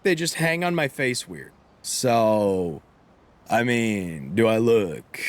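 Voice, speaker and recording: A man streaming a video game live, chatting casually with viewers and swearing freely. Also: medium pitch. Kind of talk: casual live-stream chat while gaming.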